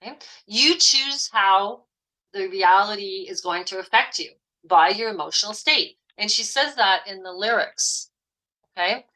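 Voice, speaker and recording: A woman's voice: medium pitch, expressive, unhurried, sharp tone, rough recording. A woman teaching an online class, explaining at length and checking in often with "okay?" and "right?". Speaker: astrology and esoteric teacher.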